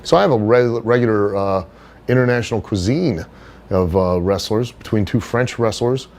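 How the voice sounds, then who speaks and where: Blunt, low-voiced man telling stories. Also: moderate pace. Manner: blunt and profane, animated storytelling. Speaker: podcast guest, wrestler. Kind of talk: casual chat, storytelling.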